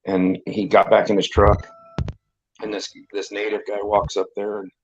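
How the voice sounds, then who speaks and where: A man with a fairly low voice spins loose, rambling anecdotes in relaxed conversation, slipping into the voices of the people he describes. The audio is dull and lo-fi, and faint noise sits underneath. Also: normal speed. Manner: rambling storyteller who acts out quoted dialogue. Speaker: podcast host. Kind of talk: casual anecdotal chat.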